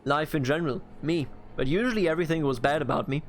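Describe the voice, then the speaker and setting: A man voicing a remorseful middle-aged drunkard father on trial, reading his lines in a pleading, halting way from a video game. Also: fairly high pitch, lightly acted.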